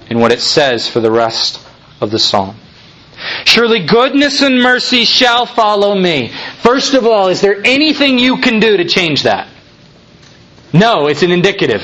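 A man's voice: on the high side, a bit bright. A male pastor preaching a sermon, emphatic and full of rhetorical questions, building to fervent peaks.

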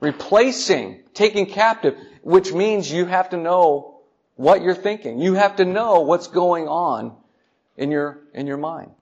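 Male preacher, gravelly, slow deliberate delivery, earnest, lo-fi church recording. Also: high voice, expressive. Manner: earnest, repeats words, drops to soft tones for emphasis. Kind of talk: sermon. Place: church sanctuary. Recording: dull lo-fi church sermon recording.

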